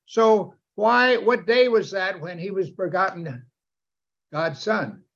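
Male preacher, emphatic sermon, slightly high voice, dull lo-fi recording. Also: slow pace, vocal fry, a bit bright. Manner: emphatic, asks the audience questions. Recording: dull, lo-fi sound.

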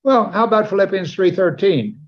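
Male preacher, fairly high voice, animated sermon delivery with rising exclamations; dull lo-fi church recording. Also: a little fast.

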